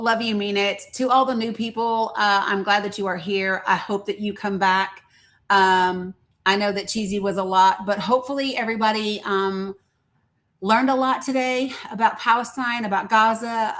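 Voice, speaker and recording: A woman's voice: medium pitch, fairly bright tone. Outspoken woman live-streaming. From rural American South. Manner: candid and outspoken, with folksy Southern sayings. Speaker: livestream host. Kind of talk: casual live-stream chat.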